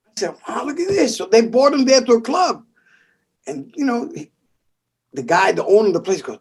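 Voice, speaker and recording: Middle-aged new york guy telling stories, high lively voice, kinda husky, swears a lot. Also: brisk. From the Bronx, New York. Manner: animated, swearing, acting out voices in his stories. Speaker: guest percussionist. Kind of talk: casual storytelling interview.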